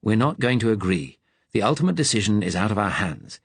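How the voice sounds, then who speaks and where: A man's voice: on the low side, sing-song, a little fast, creaky, breathy edge, dry recording, full character voice. A man voicing a weary, firm male resistance captain.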